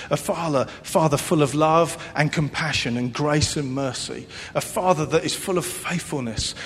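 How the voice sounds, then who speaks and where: A man preaching a sermon as pastor, earnest, with a repetitive cadence. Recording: long reverb, faint rumble.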